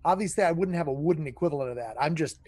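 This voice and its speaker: A man's voice: a little high, a little mellow. A man as a player at a game table, speaking hesitantly with restarts. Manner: hesitant, halting. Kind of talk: casual chat at a game table.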